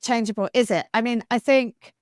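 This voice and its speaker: A woman author being interviewed on a podcast, talking in an animated, talkative way with lots of "like" and "you know.". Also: on the high side, moderate pace, no echo, clean studio sound. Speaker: author guest.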